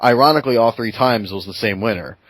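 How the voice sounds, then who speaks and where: A male host in a casual online podcast call talks at a middle pitch, quick to laugh and full of excited restarts. His voice is close and dry, with no room sound around it. He tumbles from one point to the next without pausing. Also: breathy edge, dry recording, low-quality recording. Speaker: show host.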